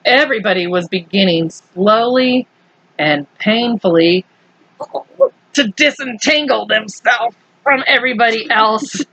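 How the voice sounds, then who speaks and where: A woman reading a children's storybook aloud, playful and animated, acting out the characters' shouts and breaking off to laugh. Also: fairly high pitch, a little slow, no room sound, low-quality recording. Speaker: storybook reader.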